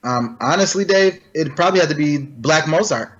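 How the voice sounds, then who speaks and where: A man being interviewed about his work, relaxed and rambling, with frequent ums and restarts. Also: on the high side, normal speed, muffled recording. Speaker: guest rapper. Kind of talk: casual interview chat. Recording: music faintly behind.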